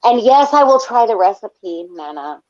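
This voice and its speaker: A woman's voice: mid-range voice, sing-song, normal speed, dry recording. Woman host, 30s, chatty, reads chat, dull lo-fi mic. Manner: chatty, reads viewer comments aloud. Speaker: stream host. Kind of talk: casual chat.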